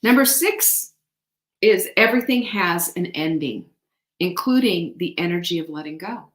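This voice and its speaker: Woman host, low-ish voice, fervent pep talk, roomy echo. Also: measured pace. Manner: animated, emphatic, faith-inspired encouragement. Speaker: show host. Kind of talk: motivational talk. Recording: echoey room.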